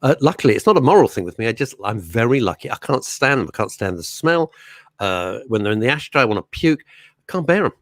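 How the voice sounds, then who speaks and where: A man's voice: mid-range voice, big pitch swings, fast talker, no room sound. A middle-aged man hosting a radio show, chatting casually and rambling through anecdotes. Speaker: radio host. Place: radio studio.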